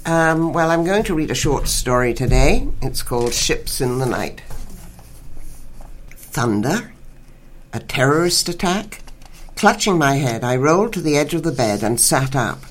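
Soft-spoken canadian woman writer, measured, reads her story aloud. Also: deep voice, animated, slight background noise. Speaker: writer and guest. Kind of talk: interview and reading aloud.

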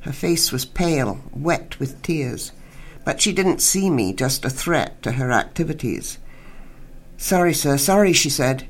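A woman writer from Canada, a guest in an interview, speaking in a measured way and reading her own short story aloud. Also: a bass voice, animated, breathy edge.

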